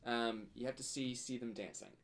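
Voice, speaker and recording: A man's voice: mid-range voice, moderate pace. A man playing a board game and telling an earnest, mock-heroic in-character story with casual fillers.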